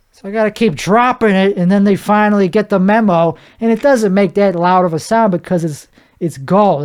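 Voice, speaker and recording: Rambling man riffing on a solo podcast. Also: high voice. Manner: rambling, riffing, with mouth sound effects; frequent restarts and stammered repeats. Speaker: podcast host. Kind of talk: comedic solo podcast monologue.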